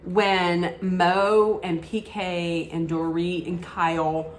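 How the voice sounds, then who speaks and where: A woman's voice: lowish voice, little pitch movement, slow pace, reverberant, slight background noise. A woman giving an opinionated, casual recap rant about a reality show, often restarting her sentences. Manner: opinionated, frequent restarts and asides.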